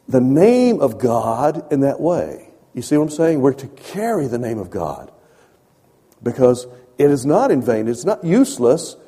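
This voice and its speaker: A man preaching a sermon in a conversational way, repeating phrases and swinging from soft asides to emphatic points. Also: on the high side, husky, in a large hall.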